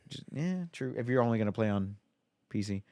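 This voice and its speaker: A man's voice: lowish voice, expressive, brisk, darkish tone, no echo. A man co-hosting a podcast, rambling casually with lots of fillers. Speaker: podcast co-host. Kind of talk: casual chat.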